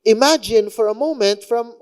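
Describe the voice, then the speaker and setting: A man's voice: extremely high pitch, normal speed, darkish tone, smooth. A young man with a Filipino accent preaching a sermon in a chatty, conversational way, mixing in local phrases. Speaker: pastor.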